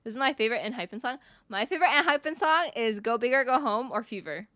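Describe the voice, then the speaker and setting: Giggly vtuber girl chatting w chat, bright sharp voice, dry close sound. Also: a little high, fast talker, dry recording. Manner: playful, giggly, animated. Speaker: VTuber streamer. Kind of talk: casual stream chat reading viewer messages.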